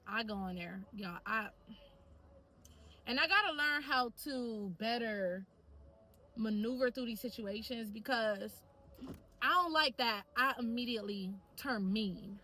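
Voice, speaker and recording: A young woman vlogging casually to camera, telling stories in an animated, chatty way full of slang. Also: on the high side, measured pace, low-quality recording.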